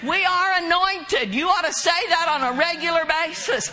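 Woman preacher, high and bright, unhurried and emphatic. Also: expressive, poor audio. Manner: emphatic, drawn-out preaching cadence. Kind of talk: sermon.

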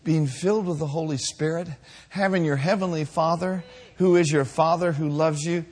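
Fired up preacher man, high husky voice, gets loud and emphatic. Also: steady tone, moderate pace. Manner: fervent, emphatic, building to shouted climaxes. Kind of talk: sermon.

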